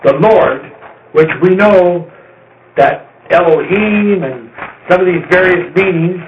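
A man's voice: high voice, slow, a little hiss or hum. A man giving an informal Bible study lecture, conversational and emphatic, repeating words to stress his points. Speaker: Bible teacher. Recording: roomy, dull lo-fi recording.

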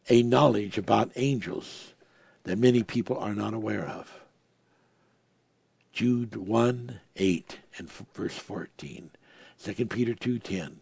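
A man preaching a sermon, moving between hushed, reverent asides and emphatic, raised passages as he quotes and explains scripture. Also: mid-range voice, gravelly, husky, no echo.

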